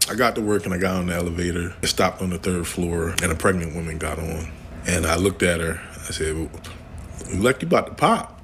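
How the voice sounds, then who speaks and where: A man with a very deep, gravelly voice tells a personal story, cracking jokes as he goes. Faint noise hums behind him. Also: fairly quick. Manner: jokey, animated storytelling. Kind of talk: personal anecdote.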